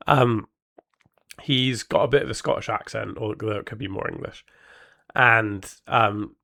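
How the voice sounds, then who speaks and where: A man with a low, gravelly voice talks through his ideas on a solo podcast, pausing often and restarting his sentences. The sound is dry and close. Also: fairly bright tone, no room sound. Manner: thinking aloud, many ums and restarts. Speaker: podcast host. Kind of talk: casual solo podcast talk.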